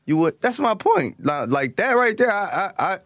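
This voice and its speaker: A man's voice: high voice, very animated, moderate pace, a bit bright, no echo, studio quality. A young man, a football player guesting on a podcast, talking in a slangy, laid-back way. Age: young adult. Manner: slangy, laid-back, talks with his hands in words ("like"). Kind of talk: casual chat.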